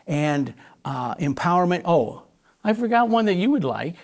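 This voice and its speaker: A pastor talks in a live on-stage interview, emphatic and full of energy. His voice sits a little high for a man, and he stumbles over repeated words as he pushes his points. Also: sing-song, moderate pace. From Chicago area. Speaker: pastor and guest speaker.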